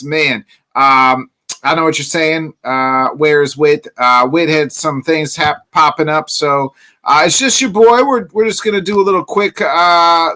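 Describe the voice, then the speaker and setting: Bright-voiced man hosting sports talk. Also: on the high side. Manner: rambling, filler-heavy. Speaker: podcast host. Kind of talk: casual solo sports talk.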